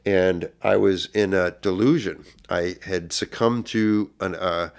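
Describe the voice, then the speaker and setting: A middle-aged man, a podcast guest, earnestly retelling a personal story, his voice swelling louder at intense moments. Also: low voice, fairly even intonation, slow, vocal fry, clean tone.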